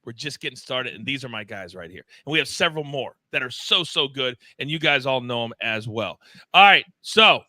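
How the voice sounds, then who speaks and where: Excitable male sports betting host. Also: mid-range voice, a little fast, dry recording. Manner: loud, excitable, self-deprecating. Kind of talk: live sports betting show chat.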